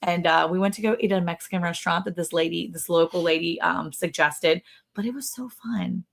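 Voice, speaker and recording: A woman's voice: fairly low pitch, a little fast, gravelly. A middle-aged woman co-hosting a casual livestream chat, talking in a chatty, rambling way and laughing often. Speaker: livestream co-host.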